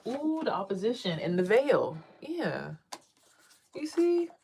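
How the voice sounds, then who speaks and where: Woman talking aave, cussing a lot, animated vlog story, doing the voices of other people. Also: slow, background noise. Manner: animated, profane, acts out quotes in a high voice. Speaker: vlogger and tarot reader.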